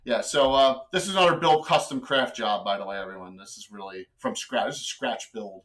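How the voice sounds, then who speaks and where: A man's voice: mid-range voice, brisk, fairly bright tone. A man running a live tabletop game as game master, talking in a rambling way with many fillers and restarts.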